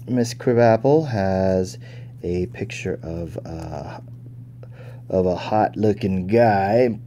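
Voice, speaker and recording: Male toy reviewer, unhurried and soft-toned, casual and chatty. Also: on the low side, slight background noise. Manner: chatty, thinking aloud, easily impressed. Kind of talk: casual unboxing commentary.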